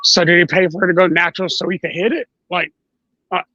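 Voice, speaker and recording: Bright high-voiced baffled man. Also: steady tone, fast, lo-fi sound. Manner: baffled, blunt questioning.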